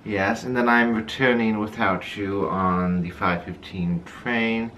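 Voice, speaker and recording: A man's voice: on the low side, steady tone, slow, a bit bright, a little hiss or hum. A man chatting casually on a home vlog with dry, mock-formal phrasing. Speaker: vlog regular. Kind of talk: casual chat.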